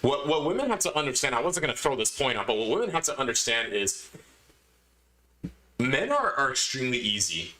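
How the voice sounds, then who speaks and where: A man's voice: mid-range voice, very animated, brisk, bright, forceful tone, reverberant, poor audio. A man hosting a podcast, lecturing his listeners emphatically and hammering his points home by repeating them. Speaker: podcast host. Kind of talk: opinionated podcast monologue.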